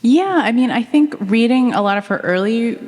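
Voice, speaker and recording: A woman author answering questions onstage at a public talk, telling stories in a chatty, animated way with frequent ums. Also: on the high side, normal speed. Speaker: author guest at a book talk. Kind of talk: conversational onstage interview. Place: public talk at a museum event. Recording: echoey hall reverb.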